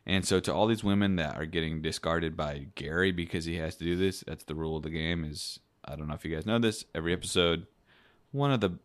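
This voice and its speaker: A man's voice: a bass voice, vocal fry. A man co-hosting a podcast, chatting in a playful, mock-sincere way. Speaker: podcast co-host. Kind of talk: casual chat.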